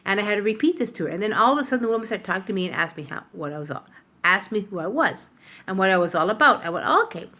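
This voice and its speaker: Talking to her tablet camera in her kitchen at home, this older Canadian vlogger rambles chattily, cutting herself off and fixing her own words. Her mid-range voice is expressive and sharp, and she races along.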